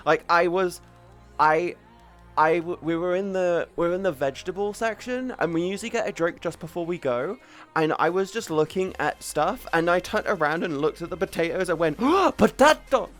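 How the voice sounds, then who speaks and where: A woman's voice: fairly low pitch, normal speed, soft background music. Woman streamer, headset mic, casual rambling chat, stops to greet chat. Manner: rambling, chatty, breaks off to greet viewers. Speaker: livestreamer. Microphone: headset boom mic.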